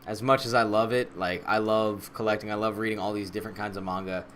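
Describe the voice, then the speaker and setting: Male podcast host, deep-ish, animated and playful, slight background hiss. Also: quick pace. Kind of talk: casual podcast chat.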